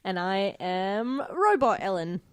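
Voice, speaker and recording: A woman's voice: mid-range voice, takes it slowly, clear, resonant tone, no echo. A woman co-hosting a podcast in casual banter, giggly and given to swearing while she tells stories. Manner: giggly, swearing, animated storytelling. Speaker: podcast co-host.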